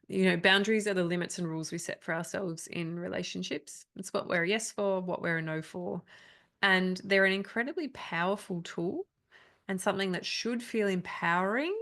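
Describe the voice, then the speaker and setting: Woman coach in her thirties, low gravelly voice, candid and chatty, online video call. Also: a bit bright. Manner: candid, chatty, laughs often. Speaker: trauma coach. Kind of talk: live online workshop talk.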